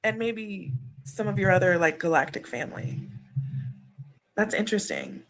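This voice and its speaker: Host, woman, chatty and encouraging, lively intonation. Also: medium pitch, moderate pace, rough recording. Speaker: podcast host. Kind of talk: casual conversation.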